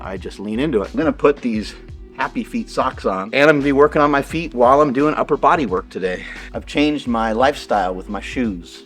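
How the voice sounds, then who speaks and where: A middle-aged man, talking casually and candidly in a gym vlog, rambling and joking as he goes. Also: on the low side. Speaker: vlogger training for a marathon.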